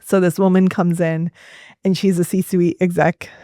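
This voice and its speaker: Woman doctor telling stories, lively. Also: on the low side, unhurried, no room sound, clean studio sound. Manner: lively, laughs often, many fillers like "like". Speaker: fertility doctor as podcast guest. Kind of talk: casual storytelling in an interview.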